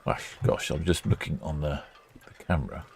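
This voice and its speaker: As ships depart port, an English host narrates his live stream from a quayside port camera station, chatting casually and reading viewer comments. His bass voice is gravelly, with lively intonation at normal speed and slight background noise.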